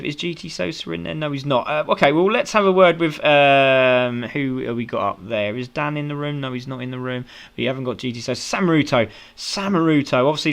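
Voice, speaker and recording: A man's voice: mid-range voice, a bit bright, clear, resonant tone. A man with a British accent doing upbeat post-race interviews as a sim racing commentator, full of praise for the drivers.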